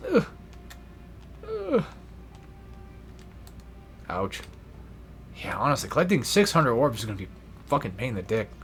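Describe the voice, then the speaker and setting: A man's voice: medium pitch, big pitch swings, a little fast, pauses often, a bit bright, soft background music. A young man giving casual gameplay commentary, rambling and swearing freely with self-deprecating asides. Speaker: let's play gamer.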